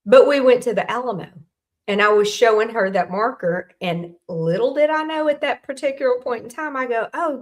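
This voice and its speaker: A middle-aged woman, hosting a casual faith talk in a folksy, candid storytelling way. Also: fairly high pitch. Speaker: host.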